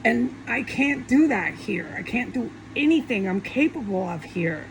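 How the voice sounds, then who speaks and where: A woman's voice: a little high, lively intonation, measured pace, vocal fry, slight background noise, rough recording. A woman vlogger in a rambling monologue, agitated and swearing in heated outbursts.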